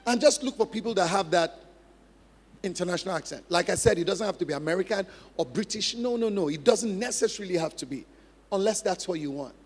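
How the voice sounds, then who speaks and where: A man's voice: sits high, animated, fast talker. A man preaching a sermon as pastor, emphatic, repeating key phrases and acting out practice drills. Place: large church hall. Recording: long hall reverb.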